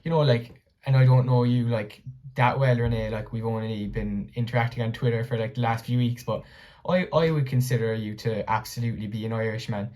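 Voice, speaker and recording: Man from Ireland, podcast host, medium pitch, casual chatty, filler-heavy. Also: steady tone, brisk, darkish tone. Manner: chatty, many fillers like "like" and "you know". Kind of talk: casual interview talk.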